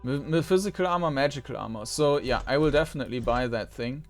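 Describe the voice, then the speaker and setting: A man's voice: mid-range voice, fast talker. A man giving casual let's-play commentary, musing and thinking aloud as he plays. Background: faint game music.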